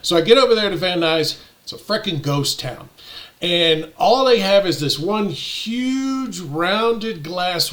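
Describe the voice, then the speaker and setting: A man with a slightly high voice tells a personal story in a casual, offhand way. He grows indignant and animated as he replays arguments. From United States. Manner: indignant, animated retelling with quoted exchanges. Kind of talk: casual anecdote telling.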